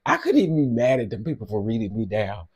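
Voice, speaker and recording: A man hosting a casual livestream, talking to his chat in an animated way and laughing often. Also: fairly low pitch, fast talker, slightly rough, no room sound, clean studio sound. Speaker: livestream host.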